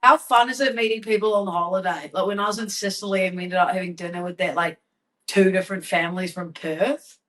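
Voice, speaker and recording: A woman co-hosting a podcast in casual chat, her voice bright and clear. She fires back short, teasing remarks. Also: on the low side, fairly even intonation. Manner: quick teasing quips. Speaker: podcast co-host.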